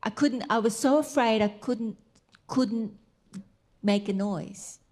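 A middle-aged woman preaching a sermon, tender and emphatic, slipping into soft whispered asides. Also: fairly high pitch, takes it slowly.

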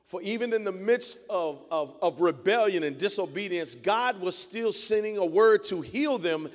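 High-voiced pastor preaching in a reverberant hall. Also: male voice, animated, normal speed. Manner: dramatic, emphatic, repeats phrases. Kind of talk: sermon.

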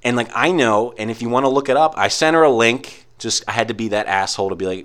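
A man's voice: medium pitch, fast, hardly any pauses, fairly bright tone. A young man in a casual ranting monologue, rambling with lots of "like" and frequent swearing. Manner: rambling, heavy use of "like", profane.

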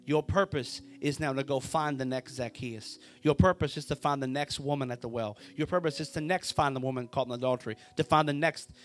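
A man preaching a sermon, telling a story with drama and swinging from a hushed voice to a shout. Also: mid-range voice, fairly even intonation, a little fast, few pauses. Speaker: pastor.

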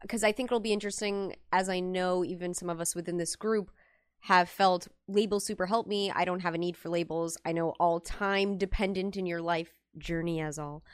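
A woman's voice: on the low side, dry recording, clean studio sound. A young woman hosting a casual group discussion over an online call, talking earnestly and rambling with restarts. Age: young adult.

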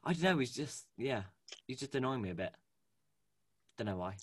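A man co-hosting a casual fan chat, animated and gushing, with lots of fillers and restarts. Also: medium pitch, moderate pace, no room sound. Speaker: podcast co-host. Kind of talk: casual fan chat about a cartoon series.

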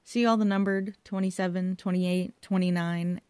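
A woman voicing a calm, insistent man playing detective, in an audiobook reading. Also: lowish voice, moderate pace, smooth, dry recording, natural voice. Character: dry, insistent male amateur sleuth.

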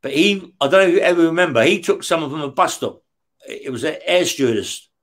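A man's voice: fairly high pitch, lively intonation, fast talker, fairly bright tone. A middle-aged man tells prison stories in an interview, swearing heavily and acting out the dialogue. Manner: heavy swearing, acts out the dialogue in his stories. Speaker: guest, former career criminal. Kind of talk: casual storytelling in an interview.

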